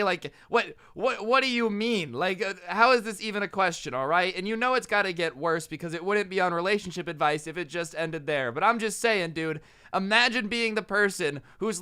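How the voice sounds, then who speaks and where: A man's voice: sits high, sharp tone, smooth. A young man hosting a storytime channel, reading out online posts and reacting with casual, slangy, exasperated commentary.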